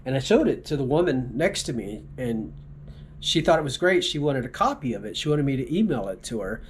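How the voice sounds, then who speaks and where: A man from South Texas, a tour driver, casually telling rambling jokes and stories and often clearing his throat. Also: medium pitch, big pitch swings, brisk, a little hiss or hum. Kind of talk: casual storytelling.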